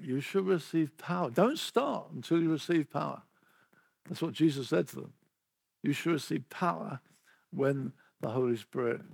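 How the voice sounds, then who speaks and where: A man's voice: a little high, gravelly, a little mellow, slightly rough, no room sound, clean studio sound. An older man preaching a sermon, telling his story earnestly and often restarting his sentences.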